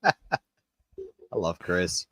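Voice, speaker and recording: A man's voice: extremely slow, a bit bright, no echo. Dry-miked man joking around. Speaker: podcast co-host. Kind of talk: casual comedic chat.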